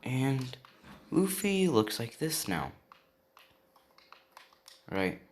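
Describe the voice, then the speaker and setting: A man's voice: mid-range voice, very animated, drawn-out words. A young man improvising a fan story, rambling with lots of fillers.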